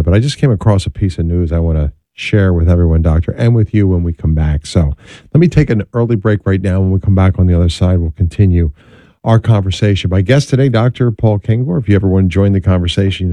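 A man hosting a radio talk show, reading out the phone lines and taking a break with brisk patter. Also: low voice, dark tone, no echo.

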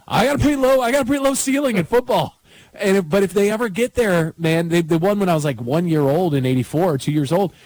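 A man in his forties co-hosting a sports talk radio show, chatting casually, animated, often stumbling over his words. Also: high-pitched, fast talker, no echo, rough recording. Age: 40s.

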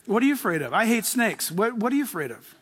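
A middle-aged man preaching a sermon with a fairly high-pitched voice. He talks in a loose, excitable, slangy way, jumping between Bible readings and chatty asides. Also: fast talker, slightly rough. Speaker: pastor.

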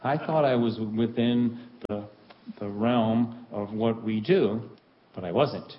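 A man, telling a stand-up story in an animated way that builds to high, excited peaks. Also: takes it slowly, a little hiss or hum. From Boston. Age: 40s. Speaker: stand-up comedian. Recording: dull lo-fi recording.

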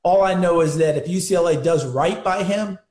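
Male football analyst, slightly higher voice, emphatic storyteller, roomy echoey line. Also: normal speed, darkish tone. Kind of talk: sports radio interview.

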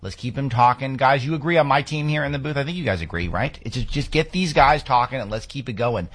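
Husky-voiced male talk radio host. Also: medium pitch, fast, a bit bright. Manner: sarcastic, rambling asides. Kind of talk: conservative political talk radio commentary. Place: radio studio booth.

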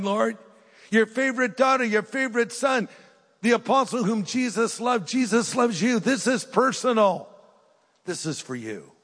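Older male pastor, sermon and closing prayer, slightly high voice, earnest delivery, long hall reverb. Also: husky. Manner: earnest, dynamic swings from loud urging to hushed prayer. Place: large church auditorium with live audience.

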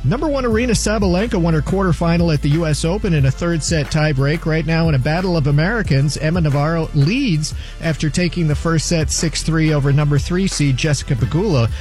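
A male anchor reading a scripted sports update in a brisk, newsy way. His voice sits a little high. Faint music plays underneath. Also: darkish tone. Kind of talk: scripted sports news read.

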